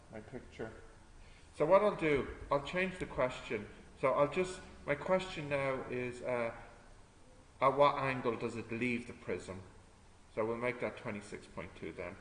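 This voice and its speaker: A male tutor works through a physics problem live, thinking aloud and checking in with his students as he fixes his own mistakes. His voice sits at an ordinary middle pitch. The recording carries a long, roomy reverb with a faint hum underneath. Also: expressive, moderate pace.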